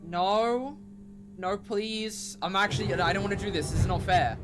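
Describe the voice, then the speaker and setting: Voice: mid-range voice, normal speed, over music. A young streamer playing a horror game, talking in a panicky, slangy way with shrieks and dramatic whining. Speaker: gaming streamer. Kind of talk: horror game let's play commentary.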